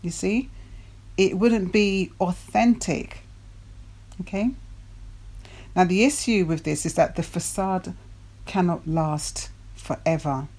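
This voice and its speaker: A woman's voice: on the low side, slow pace, pauses often, darkish tone. A woman coach giving a motivational talk to her viewers, posing rhetorical questions and repeating key words for emphasis. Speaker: dating and self-development coach.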